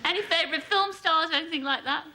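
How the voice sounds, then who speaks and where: A woman's voice: extremely high pitch, quick pace. A woman hosting a light-hearted TV dating show, teasing her contestants and laughing often. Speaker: game show host. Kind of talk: light-hearted TV studio presenting. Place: TV studio with live audience. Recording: loud studio audience and noise, 1980s broadcast.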